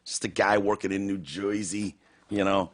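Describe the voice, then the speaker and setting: A man hosting a casual podcast, telling crude, profane stories with big jumps in pitch. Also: steady tone, moderate pace. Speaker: podcast host.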